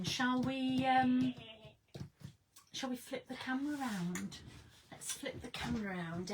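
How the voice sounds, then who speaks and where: A woman's voice: medium pitch, slight background noise, low-quality recording. A woman chatting casually on a craft livestream from her studio, giggling and greeting viewers by name. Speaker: craft live streamer. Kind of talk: casual live-stream chat.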